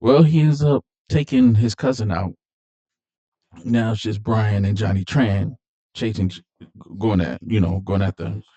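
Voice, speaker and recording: A man's voice: fairly low pitch, fairly even intonation, a little slow, mellow. A man casually recapping a movie plot, rambling with fillers and repeated words. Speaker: movie reviewer.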